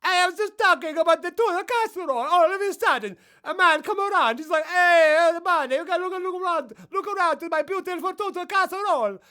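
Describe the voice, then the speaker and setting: A man voicing an eager, hyped-up character with an excited, pleading voice. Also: very high voice, fairly quick, hardly any pauses.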